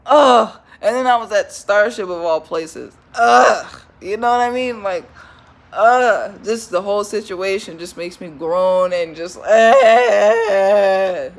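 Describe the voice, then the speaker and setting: A young woman recounts an awkward encounter in a loose, chatty storytime voice. She swears constantly, breaks into laughter and lets out groans of disgust, and her delivery stays animated throughout. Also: fairly low pitch, normal speed, hardly any pauses. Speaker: vlogger. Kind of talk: casual storytime monologue.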